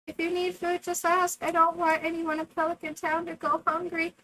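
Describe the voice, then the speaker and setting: A woman's voice: very high voice, completely flat delivery, normal speed, bright, forceful tone, a little hiss or hum, voice pushed up, rough recording. A woman voicing a kindly middle-aged male innkeeper, reading his game lines in a light, generous tone.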